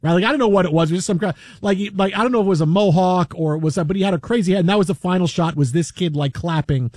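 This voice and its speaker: A man hosting a sports radio show, telling a story in an animated, rambling way full of fillers from a radio studio. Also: high voice, racing, dry recording. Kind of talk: casual storytelling chat.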